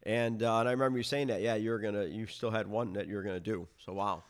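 A man co-hosting a casual podcast, chatting in a relaxed way and laughing along. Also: on the low side, fast talker, smooth. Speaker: podcast co-host.

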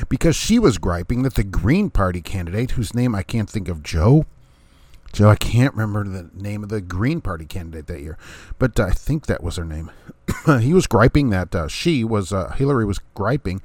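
A man's voice: medium pitch, sing-song, moderate pace, darkish tone, no echo. A middle-aged man talking through his opinions in a casual monologue, asking rhetorical questions, chuckling, and acting out what others say. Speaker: vlogger, former third-party candidate.

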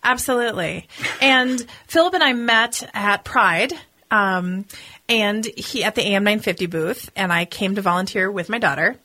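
A woman's voice: mid-range voice, moderate pace, bright, forceful tone. A woman from Minneapolis co-hosting a podcast, chatting in an upbeat, gushing way. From Minneapolis, USA. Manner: upbeat, laughs often, gushing. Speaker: co-host. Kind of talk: casual chat.

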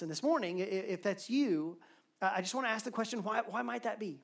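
A man's voice: high voice, brisk, gravelly. Earnest male pastor preaching live. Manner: earnest, building through repetition. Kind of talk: sermon. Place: church sanctuary, live service.

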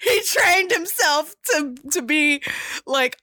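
Bright-voiced woman, animated and slangy. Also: mid-range voice, unhurried, no echo, clean studio sound. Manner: animated, slangy, laughs often, many fillers. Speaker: movie fan recapping a film. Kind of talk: casual storytelling chat.

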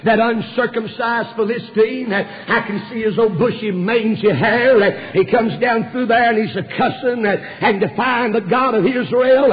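A man's voice: extremely high pitch, unhurried, few pauses, husky. A male preacher, preaching an impassioned storytelling sermon full of "uh" fillers. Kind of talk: fervent sermon. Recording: dull recording with long hall reverb.

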